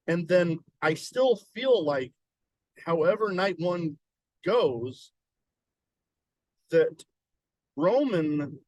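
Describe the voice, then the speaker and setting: A man's voice: high voice, no echo, low-quality recording. A man co-hosting a podcast in casual chat, musing hesitantly and swearing now and then. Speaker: podcast co-host.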